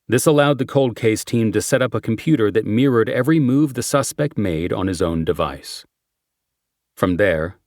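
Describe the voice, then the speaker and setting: A man's voice: darkish tone, no echo, clean studio sound. A man reading a crime thriller audiobook in a scripted narration style, lifting his voice for quoted lines. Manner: lifts pitch and volume for quoted dialogue, drops low for tags.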